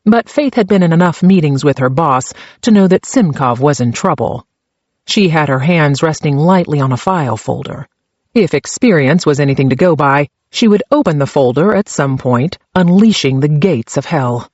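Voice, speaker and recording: A man's voice: fairly high pitch, expressive, normal speed, a little mellow, no room sound. Man narrating in a dry dull read. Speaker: audiobook narrator. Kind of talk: scripted narration.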